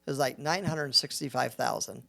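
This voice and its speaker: A man's voice: medium pitch, a little fast, creaky. A middle-aged man, a business founder, telling a story in a casual interview and acting out what people said. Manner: animated storyteller who acts out quotes.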